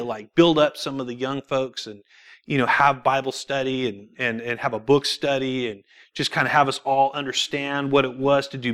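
A young adult man giving a church testimony, telling his story in an animated, informal way, laughing often and acting out what people said. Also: mid-range voice, smooth. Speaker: church speaker sharing testimony. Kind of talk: sermon testimony.

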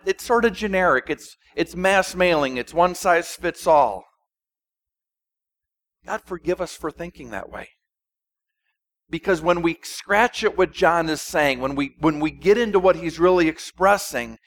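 A man preaching a sermon, animated and emphatic, asking the congregation rhetorical questions and dropping to a hush for emphasis. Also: fairly high pitch. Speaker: pastor.

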